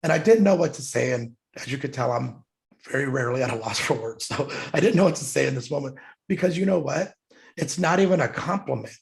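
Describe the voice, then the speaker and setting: Middle-aged guy with a really gravelly voice, earnest and heartfelt, podcast guest telling a story. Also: medium pitch, fairly quick. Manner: earnest, heartfelt, talks through emotion. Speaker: guest speaker. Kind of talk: emotional storytelling in an interview.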